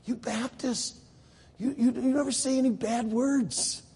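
A man voicing teasing, puzzled male Israeli farm workers in a high, laughing, pleading voice. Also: fairly even intonation, a little slow, gravelly, dark tone, breathy edge, big-room sound, full character voice.

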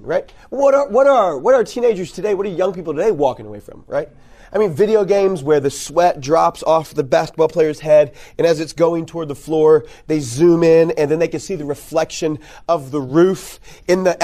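Animated guy talking to youth leaders at a conference, voice on the higher side, jokey, lots of "right?". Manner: animated, conversational, keeps asking "right?"; jokey, repeats key words for emphasis. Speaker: youth ministry conference speaker. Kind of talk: conference talk to youth workers.

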